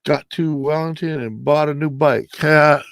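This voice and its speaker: A man's voice: on the high side, fairly even intonation, unhurried, gravelly, fairly bright tone, no echo, studio quality. Laid-back man hosting late-night chat. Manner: laid-back, drawling, greets viewers by name. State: coming down with a cold. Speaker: live stream host.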